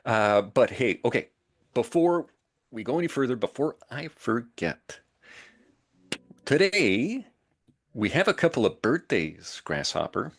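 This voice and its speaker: Co-host, Quebec French accent, animated pitch, laughs a lot. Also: male voice, unhurried, pauses often. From Montreal, Canada. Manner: lively, laughs often, jokes in French. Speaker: co-host of a live show. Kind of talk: casual live-stream chat.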